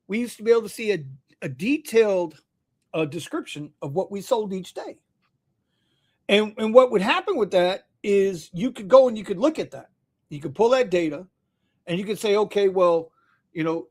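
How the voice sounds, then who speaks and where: A man's voice: sits high, a little mellow. A man hosting a casual livestream chat, loose and jokey, throwing in "bro" and laughing often. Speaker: host.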